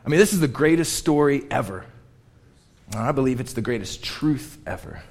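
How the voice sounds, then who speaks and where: A man preaching a sermon in an earnest, emphatic way, repeating phrases for weight, and turning quiet and tender when he tells a personal story. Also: medium pitch, lively intonation, moderate pace. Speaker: pastor.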